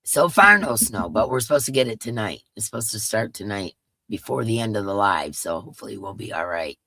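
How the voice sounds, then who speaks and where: Congested woman with a creaky voice. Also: very deep voice, expressive, a little fast, pushed and bright, no echo. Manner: chatty, greets viewers one by one. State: congested, stuffy nose. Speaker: live stream host. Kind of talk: casual chat with viewers.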